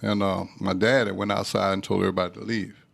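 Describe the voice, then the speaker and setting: An older man from Texas, telling animated stories as a podcast guest. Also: low voice, fast, gravelly. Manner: animated, acts out voices in anecdotes. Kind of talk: storytelling in casual conversation.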